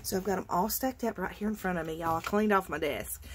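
Gushing breathy woman. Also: fairly low pitch, fast talker. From Georgia, US. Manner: gushing and enthusiastic, drops to near-whispers when admiring. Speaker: craft channel host. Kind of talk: casual show-and-tell vlog.

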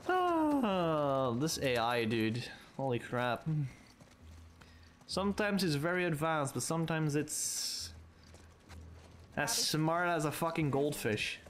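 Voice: medium pitch, sing-song, takes it slowly, a little hiss or hum. A gamer giving casual, playful commentary during a let's play, swearing a lot and taunting the enemies on screen. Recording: game sounds behind voice.

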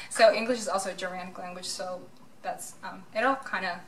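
A woman's voice: medium pitch, steady tone, a little fast, a little hiss or hum. Teasing young woman. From Netherlands. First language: Dutch. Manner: chatty, teasing. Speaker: guest teacher. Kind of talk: casual chat. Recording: distant voice over a chatty crowd.

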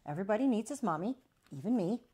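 A woman's voice: mid-range voice, lively intonation, fast, warm tone, husky, voice pushed up. A woman voicing a kindly old uncle who speaks firmly. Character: sleepy old uncle with a book.

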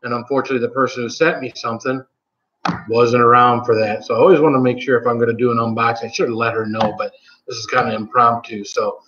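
A Michigan man hosting his own channel rambles through a casual live stream from home, full of ums and self-corrections. His medium-pitched voice is fast, pushed, and bright with little pitch movement, and the roomy, slightly dull home audio carries a little hiss or hum.

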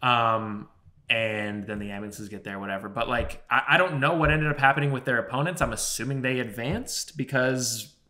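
A man co-hosting a podcast, telling a long story in a rambling, animated way with lots of swearing and filler words. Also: medium pitch, moderate pace. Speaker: podcast co-host. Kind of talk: casual storytelling chat.

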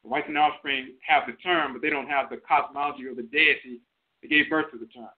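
A man's voice: medium pitch, fairly even intonation, a little fast. A man hosting an internet radio show, lecturing in a didactic, emphatic way and repeating key phrases. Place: internet radio broadcast by phone. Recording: tinny phone-line audio.

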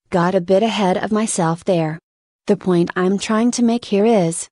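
A woman's voice: mid-range voice, mellow, no echo, studio quality, lightly acted. A woman voicing a blunt, talkative female senior reviewer in a spoken story reading.

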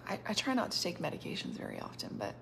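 With a fairly low voice, vocal fry, and huge pitch swings, a woman talks quickly on a very noisy live stream, giving spontaneous prophetic words. She has a cough and is on cough syrup, yet stays gushing and talkative, laughing often and saying "like" plenty.

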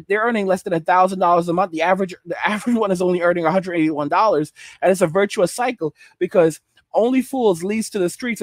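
High-voiced man rambling casually. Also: no echo, studio quality. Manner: rambling and repetitive, restarts phrases; slangy, addresses listeners as bro and guys. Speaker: podcast host. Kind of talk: casual podcast commentary.

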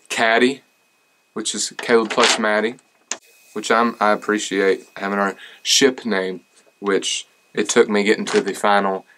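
A man's voice: lowish voice, a bit bright, slight background noise, rough recording. A young man chatting casually and joking at his own expense as he opens fan mail. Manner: joking and self-deprecating. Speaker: singer and vlogger.

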